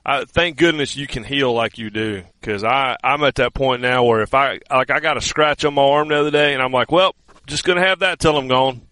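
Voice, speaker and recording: A man's voice: medium pitch, brisk, few pauses, pushed and bright, no echo. A middle-aged man, a podcast guest, bantering casually with self-deprecating jokes. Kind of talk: casual chat.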